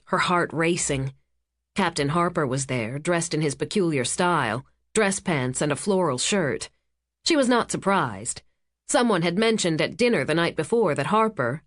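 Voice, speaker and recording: Female audiobook narrator, lowish pitch, dry close sound, measured thriller read. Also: no echo. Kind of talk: scripted narration.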